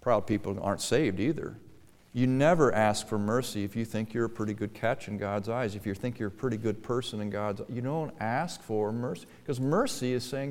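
A man's voice: lowish voice, normal speed, darkish tone. A man preaching a sermon to a church congregation, earnest, his voice swelling and dropping for emphasis. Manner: earnest, rising and falling for emphasis, acted-out pleading quotes. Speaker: pastor. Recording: reverberant church hall.

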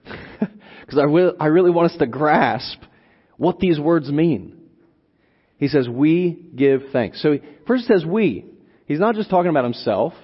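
A man preaching an expository sermon, teaching slowly and deliberately, lingering on single words and repeating phrases for emphasis. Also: a little high, lively intonation, slightly rough. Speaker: preacher teaching on a Bible letter. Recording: long hall reverb, dull lo-fi sound.

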